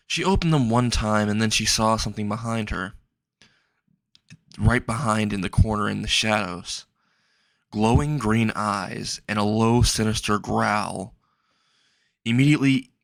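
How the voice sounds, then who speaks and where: A young man narrating a dark fan fiction story in a slow, halting way. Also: no room sound, studio quality. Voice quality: low, gravelly voice.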